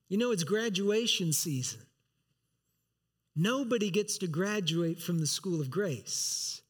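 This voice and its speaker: A man's voice: high-pitched, a bit bright. A man preaching an earnest sermon as pastor, reading scripture aloud and driving his points home with emphasis.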